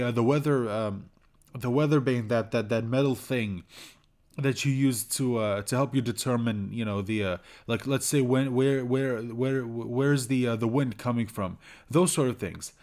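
A man giving a casual spoken review of a cartoon episode, talking haltingly with many fillers and restarts and chuckling now and then. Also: medium pitch. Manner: chuckles while recounting scenes. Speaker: show reviewer.

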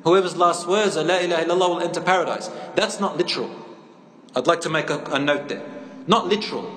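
Male preacher, engaging storyteller, fairly high voice, echoey hall recording. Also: quick pace, a bit bright. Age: adult, a teacher. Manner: engaging, questions the audience, tells stories. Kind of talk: sermon. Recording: echoey hall, faint ambience.

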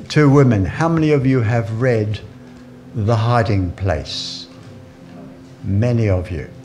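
A man from New Zealand preaching a sermon in church, telling anecdotes with chuckling asides and fillers. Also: mid-range voice.

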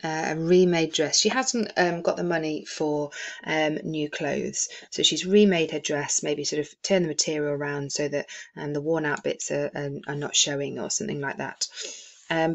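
A woman teacher walking students through a classic novel in a recorded lesson, speaking in a lowish voice. She fills her pauses with frequent "um"s as she explains. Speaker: English teacher.

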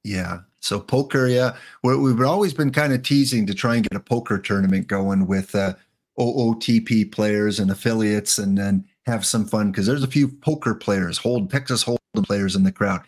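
A man's voice: lowish voice, normal speed. Easygoing man hosting a stream chat. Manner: easygoing, hesitant interviewer. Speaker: host.

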